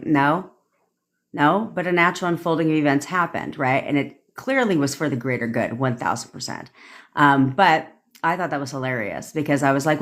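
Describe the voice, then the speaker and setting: A woman's voice: low voice, brisk. A woman manifestation coach on a livestream, ranting bluntly with swearing and acting out quoted lines. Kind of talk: livestream rant.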